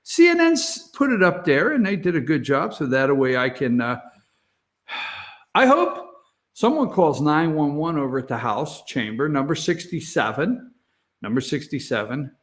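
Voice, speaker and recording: Facing a camera in an office studio, a man with a fairly high, sing-song, slightly bright voice hosts a morning talk show full of opinions. He speaks at a normal speed, blunt and sarcastic, and laughs softly between self-deprecating asides.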